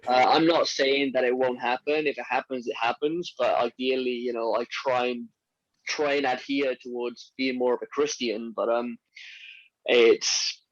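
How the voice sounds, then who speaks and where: A young man in casual conversation, candid and quick to laugh. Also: medium pitch, steady tone, no echo, highs cut off. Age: young adult. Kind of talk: casual chat.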